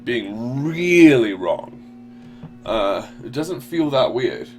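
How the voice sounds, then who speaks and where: A man's voice: medium pitch, big pitch swings, takes it slowly, soft background music. A man hosting a casual online radio show, rambling loosely and swearing now and then. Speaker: podcast host. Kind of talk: casual talk radio chat.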